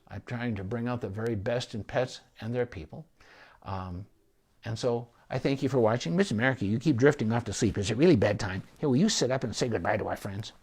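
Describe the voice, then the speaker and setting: A man speaking as a veterinarian in a live-streamed Q&A. He gives calm, measured explanations with pauses and small restarts. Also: medium pitch, husky. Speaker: veterinarian answering viewer questions. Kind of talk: live-streamed Q&A advice talk.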